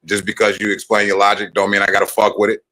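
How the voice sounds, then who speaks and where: Man, podcast host, casual chat, questioning, lower pitch, bright tone. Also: fast, poor audio. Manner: relaxed, questioning interviewer.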